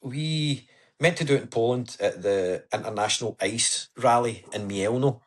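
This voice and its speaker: A man with a medium-pitched voice speaks at a moderate pace as a podcast guest, telling his story in an earnest, chatty way. It's casual interview talk, and he often says "aye" and "wee."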